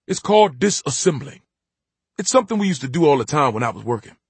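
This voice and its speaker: A man voicing a gruff blind old grandpa. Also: on the high side, very animated, fast talker, no echo, pitched above the performer's own voice, full character voice. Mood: matter-of-fact. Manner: terse, matter-of-fact drawl.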